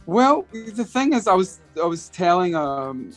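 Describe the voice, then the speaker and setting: A man's voice: sits high, unhurried, soft background music. A Scottish man, a guest musician, telling a casual anecdote in an interview, hesitant with many restarts. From Scotland. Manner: hesitant, restarts often, animated storytelling.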